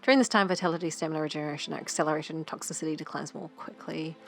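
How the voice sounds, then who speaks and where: A woman's voice: deep voice, steady tone, racing, gravelly. A woman co-hosting a game let's play, reading tutorial text and adding dry quips. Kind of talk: casual gameplay chat.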